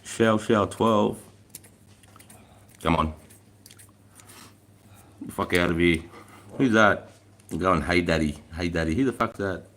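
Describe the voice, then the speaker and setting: A man's voice: low voice, slow pace, pauses often, a bit bright, a little hiss or hum. A middle-aged Australian man hosting a casual livestream from home, chatting with viewers and swearing freely, with plenty of "mate" and "bro". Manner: laid-back, swears freely, laughs easily, lots of mate and bro. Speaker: livestream host. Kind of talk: casual livestream chat reading out viewer comments. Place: indoors at home by a wood fire.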